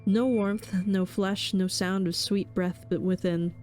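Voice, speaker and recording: Casting: woman streamer, mid-pitched, somber dramatic game reading, faint music underneath. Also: fairly even intonation, measured pace, darkish tone. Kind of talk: reading a horror visual novel aloud.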